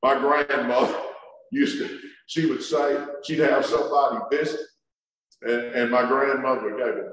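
Slow, emphatic preacher in an echoing hall. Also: male voice, mid-range voice, steady tone, a bit bright. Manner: emphatic preaching with drawn-out words and dramatic pauses. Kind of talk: sermon. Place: church sanctuary. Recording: echoey hall from far off.

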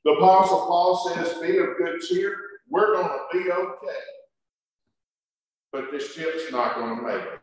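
A man preaching a sermon, emphatic, stretching words out and pausing for effect. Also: a little high. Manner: emphatic preaching with drawn-out words and dramatic pauses. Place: church sanctuary. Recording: echoey hall from far off.

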